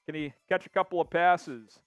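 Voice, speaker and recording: A young man chats on his live stream in an upbeat, casual way, reading viewers' comments aloud. His voice sits a little high and comes through smooth, clear and resonant. The sound is dry and close, with faint music behind him. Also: normal speed, dry recording, muffled recording.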